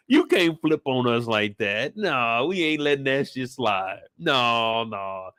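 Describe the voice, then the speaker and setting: A man's voice: mid-range voice, a little slow, few pauses, no echo. A man giving casual TV recap commentary, joking, slangy and full of swearing. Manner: animated, slangy, profane, joking. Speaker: TV recap reviewer.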